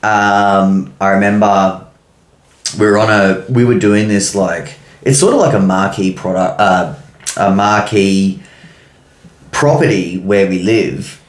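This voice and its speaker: A man's voice: low-pitched, slow pace, reverberant. A man co-hosting a podcast, telling a story loosely with lots of fillers and swearing. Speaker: podcast co-host. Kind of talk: casual chat.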